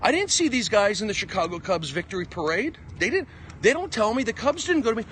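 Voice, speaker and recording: A man's voice: very high-pitched, fast, a little hiss or hum. A man, a stand-up comedian, rambling emphatically in a livestream monologue as he walks outdoors. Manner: excitable, emphatic, jumping between topics. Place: outdoors on a walk. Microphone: phone.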